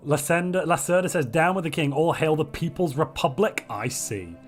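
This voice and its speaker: A man hosting a multiplayer strategy game livestream, hoarse from a chest infection, joking in a playful, theatrical way. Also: fairly high pitch, fairly even intonation, fairly quick, soft background music. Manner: playful, theatrical royal pronouncements. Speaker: streamer host.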